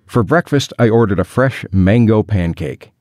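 A man's voice: on the low side, expressive, moderate pace, a little mellow, a little hiss or hum. A man narrating an adventure story in the first person, with a dry, wry storytelling manner. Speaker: audiobook narrator.

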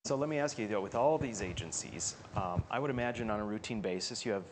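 A man's voice: lowish voice, expressive, quick pace, crowd noise. A man co-hosting a talk show, asking probing, conversational questions of a guest. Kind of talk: radio talk show interview.

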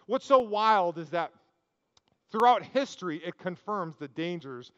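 High-voiced pastor in a reverberant hall. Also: male voice, lively intonation, a little slow, fairly bright tone, lo-fi sound. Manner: casual storytelling, jokes and asides. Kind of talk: sermon. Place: church sanctuary.

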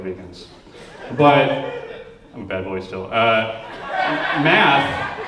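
A man doing a stand-up comedy set, delivering deadpan jokes that break into sudden loud outbursts. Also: medium pitch, background noise. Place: comedy club stage. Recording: roomy club sound from a distance, crowd laughing. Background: audience laughter.

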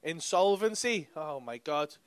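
A man's voice: fairly high pitch, animated, a little slow, noisy background. A man doing crowd work at a comedy club, bantering with the audience in brash, sweary, teasing talk. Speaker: stand-up comedian.

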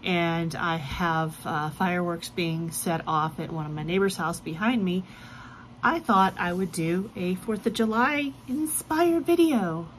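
A woman's voice: fairly low pitch, a little slow, slight background noise, rough recording. A woman hosting a casual reaction video, chatty and joking, giggling often. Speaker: video host.

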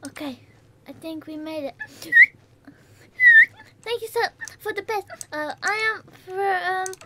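A woman's voice: extremely high pitch, a little slow, a bit bright, slight background noise. A woman from England chatting on a live gaming stream, easily startled and laughing often.

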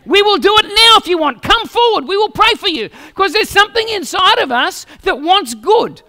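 High-voiced pastor preaching, echoing hall. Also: male voice, normal speed. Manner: animated storytelling with humor. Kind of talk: sermon.

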